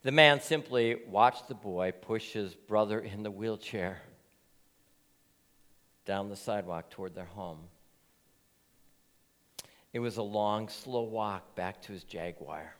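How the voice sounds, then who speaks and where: A man preaching as pastor, earnest and deliberate, telling a story in his sermon. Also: fairly low pitch, a bit bright, in a large hall. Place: church.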